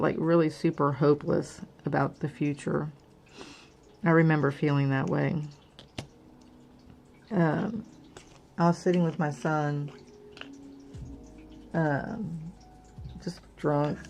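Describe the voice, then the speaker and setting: Middle-aged female vlog host, low gravelly voice, rambling candid chat, faint background noise. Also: darkish tone. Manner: candid, rambling, many fillers. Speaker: crafting channel host. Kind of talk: casual personal chat.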